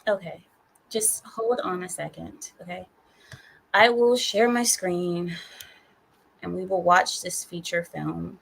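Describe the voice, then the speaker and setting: A hoarse woman hosting a casual live stream, teasing and scolding her viewers in a mock-stern way. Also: fairly low pitch, fairly even intonation, slow, pauses often. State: hoarse from screaming. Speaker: livestream host.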